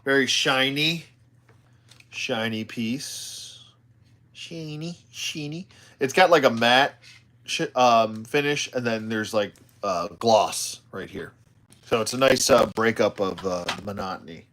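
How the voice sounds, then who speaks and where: A man's voice: mid-range voice, slow, fairly bright tone. A tired man chatting casually while he unboxes a toy live, rambling with self-deprecating asides. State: tired, yawning.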